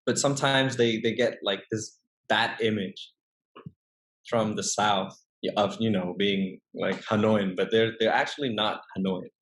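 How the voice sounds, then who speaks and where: A young man from northern Vietnam with a Vietnamese accent, chatting as an interview guest, often pausing and restarting his sentences. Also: lowish voice, steady tone, fairly bright tone. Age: young adult. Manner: hesitant, many restarts and fillers. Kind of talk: casual interview chat.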